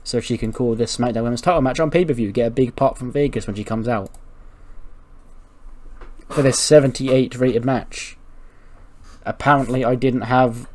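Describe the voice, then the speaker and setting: A man's voice: mid-range voice, steady tone, normal speed, long pauses, slight background noise. A man hosting a gaming channel, narrating a let's-play in a rambling, casual way, swearing freely and laughing.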